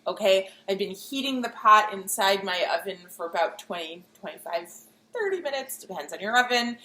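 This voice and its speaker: Giggling and chatty, a home baker walks through a bread recipe step by step in a casual kitchen demo. She has a medium-pitched voice that sounds pushed and bright. It's a poor recording with lots of reverb.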